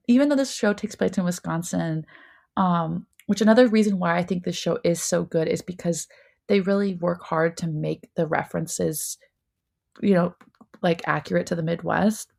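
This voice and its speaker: A young woman co-hosts a casual TV review podcast. Her voice sits low with a gravelly edge, and she fills her chat with "like.". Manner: chatty, lots of "like" fillers. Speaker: podcast co-host.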